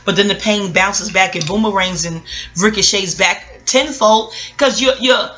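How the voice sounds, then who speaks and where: Woman astrologer, casual monologue; bright tone, rambling, blunt, swears freely. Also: medium pitch, a little slow. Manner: rambling, digressive, blunt with profanity.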